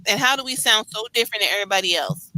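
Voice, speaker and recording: A woman with a New York accent chatting casually on a late-night show, animated and rambling, laughing often. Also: mid-range voice, very fast, no room sound, low-quality recording. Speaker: co-host.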